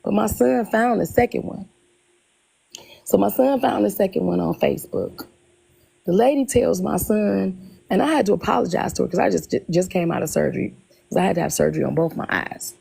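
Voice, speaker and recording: A woman telling a personal story in casual conversation, animated, often repeating herself and acting out what people said. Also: mid-range voice, brisk, vocal fry, husky, low-quality recording. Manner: animated, retells dialogue in quotes, repeats herself. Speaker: guest telling her story.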